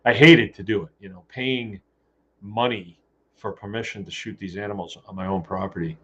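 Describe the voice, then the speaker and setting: Blunt, joking man with a low voice. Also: moderate pace, fairly bright tone, a little hiss or hum. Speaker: host. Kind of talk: casual talk show monologue. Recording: dull lo-fi recording.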